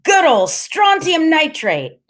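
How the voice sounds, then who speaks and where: A woman reading a story aloud and voicing a tiny, excitable genius boy who shouts gleefully in a shrill voice. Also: slow, heavily acted. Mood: shouting gleefully.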